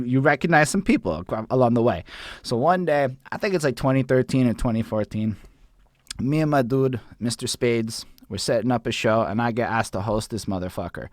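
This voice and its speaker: A man, hosting a livestreamed interview in an excited, rambling way with plenty of swearing. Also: medium pitch, fairly quick, no echo, studio quality. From Montreal, Canada. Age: 30s. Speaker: host.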